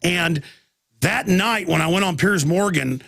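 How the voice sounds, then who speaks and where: A man's voice: high-pitched, lively intonation, measured pace, creaky, fairly bright tone, no echo. A man in his thirties with a Texan accent hosting a live talk radio show, telling a rambling story full of restarts and quoted voices.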